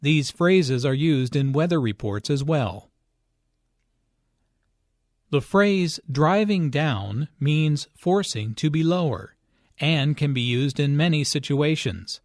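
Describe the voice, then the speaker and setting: A man reads an English lesson script, each word spoken slowly and clearly. His voice sits a little high, and the recording is dry and close with no room sound. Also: no room sound. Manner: slow, clear, even delivery. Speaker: English teacher.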